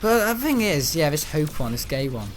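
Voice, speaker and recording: Over gameplay, a young man chats loosely and recounts school stories, imitating the people he describes. He speaks in a fairly high, very animated voice at a moderate pace, with slight background noise; he hosts a gaming channel.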